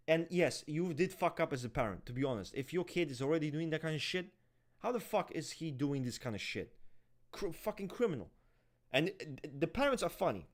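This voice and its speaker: A man in casual podcast talk, ranting and swearing heavily in an animated way. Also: fairly high pitch, a little fast. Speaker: podcast co-host. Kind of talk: heated casual discussion.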